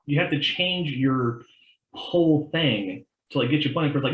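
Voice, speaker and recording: A man's voice: a little high, normal speed, roomy sound, a little hiss or hum, low-quality recording. A man co-hosting a podcast in casual chat, rambling with many restarts and acting out the people he quotes. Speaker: podcast co-host.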